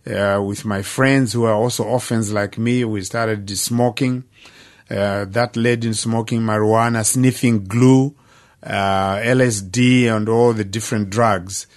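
An older man, giving an earnest personal testimony in plain, measured storytelling. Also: on the low side, steady tone. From Zimbabwe. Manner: earnest, plain-spoken storytelling with dramatic pauses. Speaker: speaker sharing his life story.

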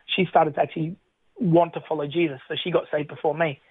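A man's voice: fairly high pitch, little pitch movement, fast talker, breathy edge, no echo. Man telling his story over a tinny phone line. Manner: earnest storytelling with frequent restarts and chuckles. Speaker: interview guest. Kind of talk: personal faith testimony.

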